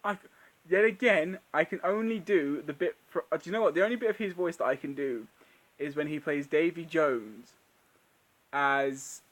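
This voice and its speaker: A man with a high voice chats loosely through a live Q&A. He sounds unwell and his throat is sore. He breaks into laughter often and leaves sentences hanging before starting them again. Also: moderate pace, fairly bright tone. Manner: laughs often, trails off and restarts. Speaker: channel host. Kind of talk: casual live Q&A chat.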